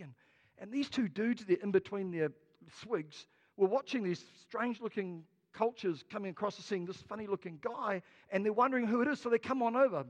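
A man's voice: high-pitched, brisk, long reverb tail. A man with a New Zealand accent preaching a sermon as a pastor, telling stories with jokes. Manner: storytelling, jokey, lively.

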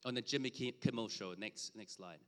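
A man preaching a conversational sermon with slides, emphatic at times and dropping low for asides. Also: brisk, a bit bright. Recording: long hall reverb.

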